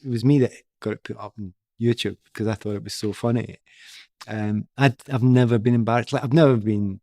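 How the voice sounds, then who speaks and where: A man's voice: fairly low pitch, no echo, studio quality. A middle-aged man, a former footballer, telling anecdotes in an interview and laughing often as he goes. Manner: laughs often, animated storyteller.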